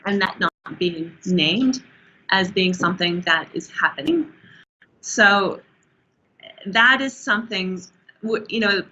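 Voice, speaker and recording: Australian woman academic explaining stuff carefully, low-ish voice, kinda muffled audio. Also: bright, forceful tone. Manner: measured, explanatory, with frequent restarts. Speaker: urban planning researcher, interview guest. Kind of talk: academic interview answer.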